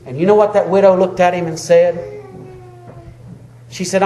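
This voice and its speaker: A man's voice: sits high, steady tone, moderate pace, mellow, a little hiss or hum. A man preaching a fervent sermon, calling on listeners by name and rising into a chanted, sing-song delivery. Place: church sanctuary. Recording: echoey church room.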